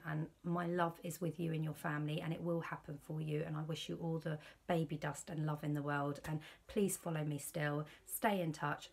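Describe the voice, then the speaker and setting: A woman's voice: low-pitched, creaky, slightly rough. A British woman in her thirties vlogging at home, talking in a worried, rambling, confiding way. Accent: British English. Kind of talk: candid personal vlog.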